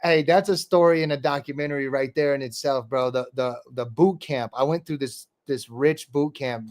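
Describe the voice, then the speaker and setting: A man's voice: medium pitch, normal speed. A man hosting a podcast, telling stories in a rambling, profane way, full of "bro" and "dude". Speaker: podcast host and rapper. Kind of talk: casual storytelling chat.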